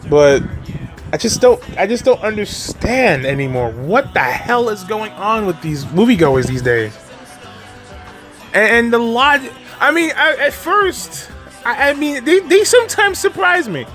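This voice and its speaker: A man's voice: sits high, very animated, measured pace, a bit bright, faint music behind. A man ranting casually about moviegoers and fanboys, exasperated and profane, with frequent laughs and restarts. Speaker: movie commentary vlogger.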